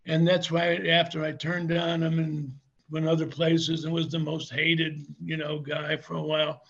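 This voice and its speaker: Gravelly high-voiced older man telling stories. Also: level tone, moderate pace, fairly bright tone, highs cut off. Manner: rambling, chuckling, many restarts. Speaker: interview guest, former pro wrestler. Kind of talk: casual anecdotal storytelling.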